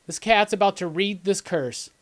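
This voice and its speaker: A man's voice: sits high, normal speed. A man hosting a live commentary, talking casually and enthusiastically, rambling and laughing as he chats with viewers. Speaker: host of live movie commentary.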